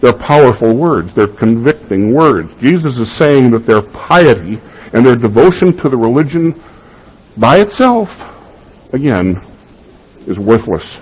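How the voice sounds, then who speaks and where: A man's voice: medium pitch, sing-song, measured pace, breathy edge, lo-fi sound. A man preaching a sermon, emphatic and given to repeating key phrases for weight.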